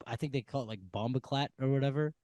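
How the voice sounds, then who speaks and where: A man's voice: mid-range voice, fast, a little mellow, no room sound. A young man co-hosting a comedy podcast, rambling through stories and laughing often. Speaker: podcast co-host. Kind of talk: casual comedic chat.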